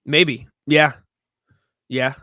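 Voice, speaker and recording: A man's voice: mid-range voice, fairly even intonation, extremely slow, bright, forceful tone, dry recording. A man co-hosting a podcast in casual chat, rambling and laughing at his own mishaps. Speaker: podcast co-host.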